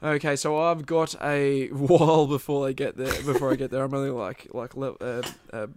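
A man's voice: mid-range voice, fairly even intonation, normal speed, darkish tone, slight background noise. A young man chatting casually about video games, often stammering and restarting his sentences. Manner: stammering, many restarts and repeated words. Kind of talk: casual gaming chat.

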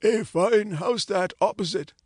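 A man voicing a hoarse, frightened old male councillor in a storybook reading, mournful and trembling. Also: sits high, unhurried, darkish tone, dry recording, clean studio sound. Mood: genial.

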